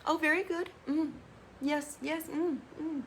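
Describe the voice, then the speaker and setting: A woman imitating a prim, demure woman who talks softly in murmurs and small hums. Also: high-pitched, fairly even intonation, a little slow, voice pushed up. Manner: soft airy murmuring, hums. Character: prim demure woman putting on calm act.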